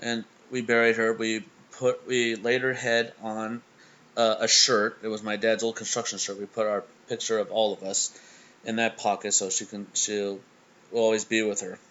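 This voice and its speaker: A young man hosting a reaction video, telling a personal story in a halting way with stammering restarts. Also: fairly low pitch, level tone, fairly bright tone, lo-fi sound. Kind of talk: casual emotional storytelling.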